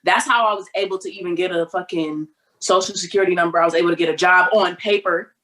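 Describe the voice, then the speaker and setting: A woman's voice: on the low side, steady tone, quick pace, a bit bright. A woman in her twenties from Detroit, telling a story in a casual podcast chat. She acts out quoted voices and swears freely. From Detroit, United States. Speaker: podcast guest.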